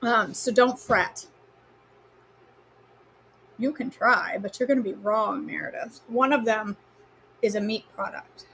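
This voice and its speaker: A woman with a Maine accent talks as she cooks on a live stream in her home kitchen. Her voice sits a little high, and there is a faint hum behind her. She keeps up a chatty, teasing patter and calls viewers by name. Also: fairly even intonation, slow, long pauses, fairly bright tone. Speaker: host of a live cooking stream. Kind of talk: casual live-stream chat.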